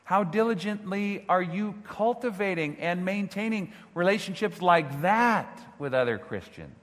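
Pastor guy preaching, asks lots of questions, goes quiet then loud, pitch a bit high. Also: lively intonation, a little slow. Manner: earnest preaching, rhetorical questions, swings from hushed to shouting. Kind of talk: sermon. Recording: long hall reverb.

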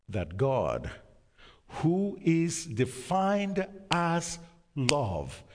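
A man preaching a sermon, slow and emphatic, with dramatic pauses, rising to a strong voice and dropping to a near-whisper. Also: medium pitch. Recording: long hall reverb.

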